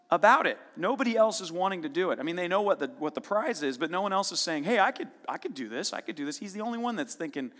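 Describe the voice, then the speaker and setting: A man preaching a sermon, retelling a story in a casual, lively way and voicing its characters with sudden bursts of intensity. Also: on the high side. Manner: storytelling with casual asides and quick dramatic voicing. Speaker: pastor. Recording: long reverb of a large hall.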